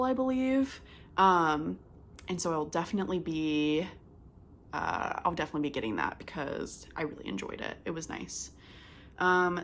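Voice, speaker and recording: A woman's voice: lowish voice, a bit bright. A young woman hosting a cross-stitch vlog, chatting casually and filling her sentences with "like" and "um". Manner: chatty, lots of "like" and "um" fillers. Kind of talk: casual chat.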